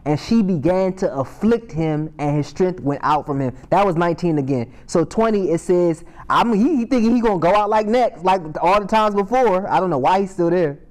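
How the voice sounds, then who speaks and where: Bible class teacher, male, slightly high voice, loose slangy delivery that reads a verse and then comments on it. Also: animated, moderate pace, hardly any pauses. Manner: slangy and conversational, reads scripture aloud and riffs on it. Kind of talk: casual Bible study teaching. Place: Sabbath class meeting room.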